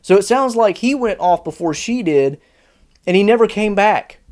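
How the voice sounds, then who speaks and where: A man reviewing a fantasy series casually on video, animated and exasperated, with sarcastic asides. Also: high voice, normal speed.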